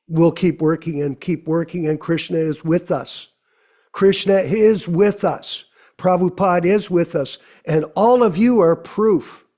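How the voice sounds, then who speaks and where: A man's voice: on the high side, a little mellow. A man hosting an online devotional discussion, urging listeners earnestly and repeating phrases for emphasis. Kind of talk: exhortation to a video call audience.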